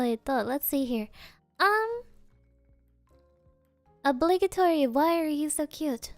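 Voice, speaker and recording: High-voiced, giggly woman streamer. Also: normal speed, dry recording, soft background music. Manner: playful, giggly, silly joking answers. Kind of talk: casual live Q&A chat.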